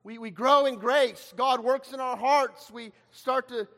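High-voiced preacher in a reverberant hall. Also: male voice, fairly even intonation, a little slow. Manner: dramatic, acts out quoted voices with shifting loudness. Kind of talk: sermon.

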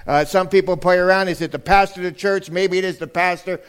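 A man's voice: sits high, steady tone, fast, smooth. A man preaching a sermon as a guest speaker, chatty and joking, rising to emphatic points.

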